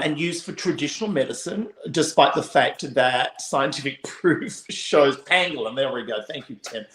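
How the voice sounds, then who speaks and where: A man's voice: medium pitch, fairly bright tone. A man co-hosting a casual chat show, emphatic and swearing freely. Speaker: co-host. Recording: roomy echo.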